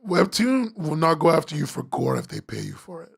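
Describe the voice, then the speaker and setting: A man's voice: a little high, wildly swooping pitch, a little fast, gravelly, breathy edge. A man hosting a webcomics podcast, ranting sarcastically as he critiques comic pages, swearing and laughing.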